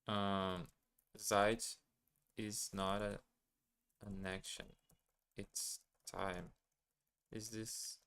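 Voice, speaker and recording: A man's voice: lowish voice, a bit bright, clean tone. A man on a casual live stream, thinking aloud as he works through a language app. He hesitates, questions himself and repeats practice words. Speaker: live streamer learning German.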